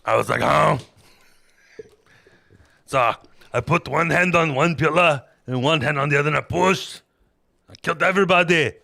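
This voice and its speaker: Brief: a man playing a gravelly, bright-edged strongman hero in a thick action-star impression, booming and deadpan. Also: moderate pace, pauses often. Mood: boastful. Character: burly strongman hero retelling a Bible tale.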